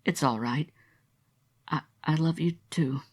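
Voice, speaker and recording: A man's voice: on the high side, slow, pitched above the performer's own voice. A man voicing an earnest young woman who is apologetic and reassuring in an audiobook reading. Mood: tender.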